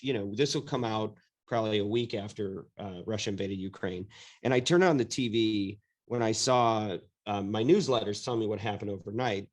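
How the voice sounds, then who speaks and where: A man with a lowish voice hosts a casual interview. He talks thoughtfully, often pausing and restarting his sentences. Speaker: podcast host.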